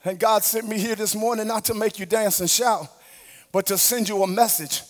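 High-voiced man preaching with fervor. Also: steady tone, normal speed. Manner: passionate, sing-song preaching that swells to shouts. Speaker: pastor. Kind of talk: sermon. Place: church sanctuary.

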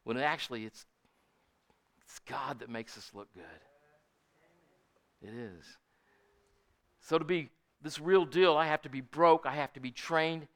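A man's voice: fairly high pitch, a little slow, pauses often, a bit bright. An older man preaching a sermon in a folksy, storytelling way, often asking his congregation "Amen?". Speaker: pastor.

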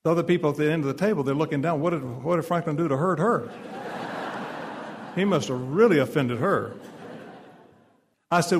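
A man's voice: on the high side, fairly quick, pauses often, long reverb tail, slight background noise. A man preaching at a speaking event, telling a story with quoted dialogue and building to emphatic declarations. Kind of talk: speech at a fundraising event.

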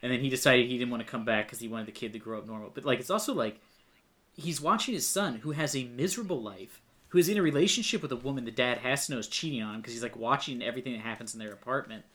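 A man's voice: medium pitch, fast, a bit bright. A man co-hosting a casual film-review chat, ranting sarcastically and swearing.

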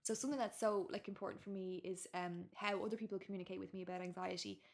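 Speaking quickly with a medium pitch and fairly even intonation, a woman from Ireland in her thirties chats on a podcast as a guest author. Her tone is frank and casual, loaded with fillers such as "like" and "you know."

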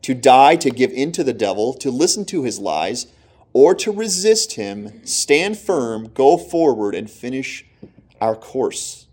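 A man's voice: medium pitch, very animated, a little slow, darkish tone, husky. A man preaching a sermon in an earnest manner, often checking in with his listeners.

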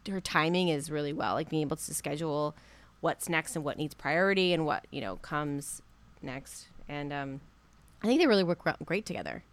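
Woman co-host, casual recap, low voice with wide swings, chatty and expressive. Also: moderate pace. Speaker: podcast co-host.

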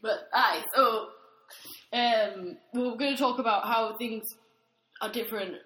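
A woman's voice: on the high side, a little slow, a bit bright. A young woman co-hosting a podcast, teasing and swearing in casual, giggly chat. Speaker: podcast co-host. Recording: echoey room, background noise.

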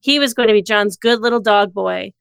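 A woman reading a comedic story aloud in a deadpan storytelling manner on a close studio mic. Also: medium pitch, brisk, gravelly, clear, resonant tone, dry recording. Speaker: co-host reading fan fiction.

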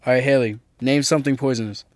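Loose, rambling podcast quiz host, mid-pitched, faint background noise. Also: male voice, steady tone, fast. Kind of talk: casual chat.

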